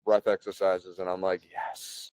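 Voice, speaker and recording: A man in his thirties speaks in a low voice, recorded close and dry with no room sound. He tells stories in a loose, chatty way, full of fillers, and clears his throat now and then. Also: normal speed, no room sound. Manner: relaxed, chatty, frequent "like" and "you know". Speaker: podcast guest. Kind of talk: casual conversational storytelling.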